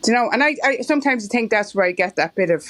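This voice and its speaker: A woman's voice: a little high, animated, racing, a bit bright. Chatty Irish woman, rambling and laughing. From Ireland. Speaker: marathon runner guest. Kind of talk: casual interview chat.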